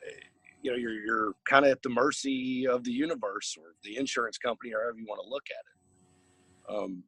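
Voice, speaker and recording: A man's voice: mid-range voice, brisk, creaky, husky, dry recording, low-quality recording. A man from the Chicago area, a caregiver, talks casually and ramblingly on a video call. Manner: relaxed, rambling, many fillers. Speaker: caregiver partner. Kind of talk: casual personal sharing on a group call.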